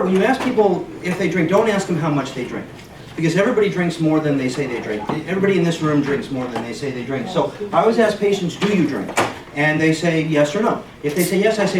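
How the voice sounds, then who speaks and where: A man's voice: a little high, background noise. Man lecturing in an echoey hall. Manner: joke-telling, conversational lecturing. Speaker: physician speaker. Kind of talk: medical conference talk. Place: hospital conference room. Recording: echoey room, distant mic.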